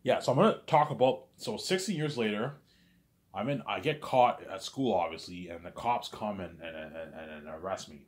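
A man's voice: fairly low pitch, normal speed. A man telling a rambling, casual story, stumbling over restarts and leaning on the same stock phrases again and again.

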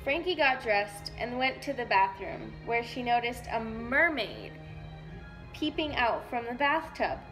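Slow, gentle woman reading to children. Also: on the high side, big pitch swings, soft background music. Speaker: volunteer story reader. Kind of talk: children's story read-aloud.

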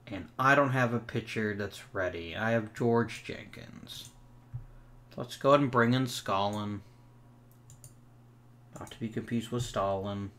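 Speaking a little slowly, with long pauses, in a fairly low and slightly bright voice, a young gaming channel host offers let's play commentary on a sports management game. He thinks through trades and his roster aloud and retorts sarcastically to his complaining virtual players.

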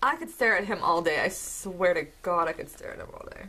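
Woman vlogger, casual unboxing chat, gushing, excitable, talking to camera. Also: fairly low pitch, fairly quick.

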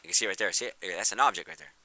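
Excited man pointing out sky footage. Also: deep voice, racing, no echo. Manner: soft-spoken and apologetic. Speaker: video creator. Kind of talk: casual vlog commentary.

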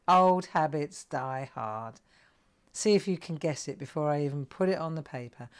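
A middle-aged woman with a low, easy voice talks viewers through a colouring project on a live craft stream. She thinks aloud, asks questions and chats while she works at her table. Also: measured pace, clear, resonant tone. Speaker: craft host. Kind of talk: live crafting tutorial chat.

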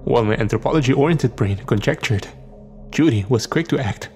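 A man narrates a scary story in a steady, dramatic read. His voice has a gravelly edge, with faint music under it. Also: mid-range voice, fairly quick. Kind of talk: scripted horror narration.

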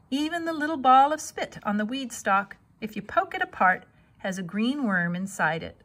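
A woman reading a children's novel aloud with expressive storytelling. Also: a little high. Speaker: reader.

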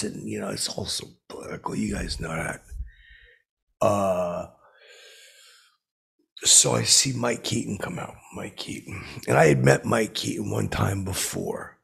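A man telling a rambling comic anecdote, halting and full of fillers, with blustering asides. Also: lowish voice, vocal fry, fairly bright tone, breathy edge. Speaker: storyteller.

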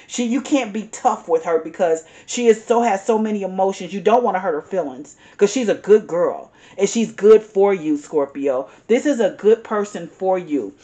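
Her voice mellow and mid-pitched, this woman offers a heartfelt, supportive tarot reading. She drives her points home by saying them again, sprinkling in "honey" and "y'all."

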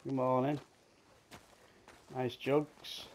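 A man's voice: mid-range voice, flat delivery, very slow, a little mellow, a little hiss or hum. A man giving crude, swearing, mocking commentary while playing a game. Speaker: gaming streamer. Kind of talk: gameplay commentary.

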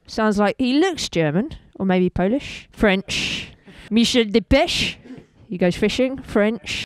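Woman, smooth clear voice, dry close sound, wry casual musing. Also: medium pitch, slow pace, no echo. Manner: musing aloud, wry asides. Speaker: shop visitor browsing records. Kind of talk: casual chat. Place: record shop in a venue.

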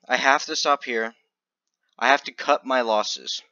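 A man commentating his online gambling in a casual video, stammering and swinging between loud excitement and quiet muttering. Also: mid-range voice, normal speed, no echo, muffled recording. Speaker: gaming video creator.

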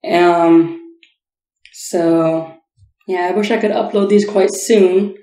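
A woman's voice: lowish voice, slow pace, roomy sound, rough recording. A woman hosting a reaction video, chatting casually and rambling with lots of fillers. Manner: relaxed and rambling, full of fillers. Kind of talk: casual chat to camera.

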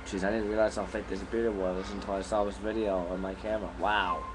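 A man's voice: on the low side, flat delivery, a little fast, noisy background. Rambling young man vlogging at home. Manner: rambling, easygoing, chewing gum. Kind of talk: casual vlog chat. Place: bedroom at home.

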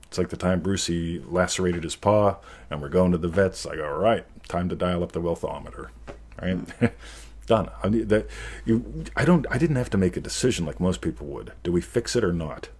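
A man with a very low, husky voice hosts a casual live question-and-answer chat. He talks in a jokey, animated way, laughs a lot and slips into playful voices to make his point. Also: fairly quick. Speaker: host.

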